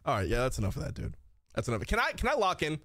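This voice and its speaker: A young man livestreaming and reacting to his chat, loud, excitable and swearing, recorded on a desk mic indoors. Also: mid-range voice, rapid-fire, no echo, studio quality. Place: indoor streaming setup.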